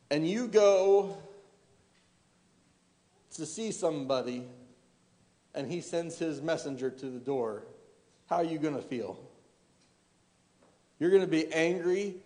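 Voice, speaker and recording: A man's voice: a little high, measured pace, long pauses, a little mellow. Man preaching in a reverberant hall. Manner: rhetorical questions to the congregation, frequent restarts. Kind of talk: sermon.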